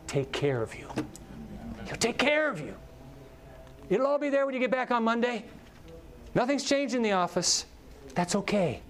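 A male pastor delivering a sermon with a fairly high voice. His storytelling swings widely in pitch, and he often drops to a quiet, slow tone to press a point home. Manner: animated storytelling with sudden drops to soft, slow words.

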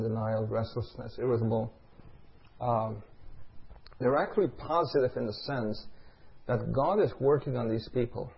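A man's voice: mid-range voice, husky. A middle-aged male preacher giving a sermon, telling a story and asking the congregation call-and-response questions. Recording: dull lo-fi recording.

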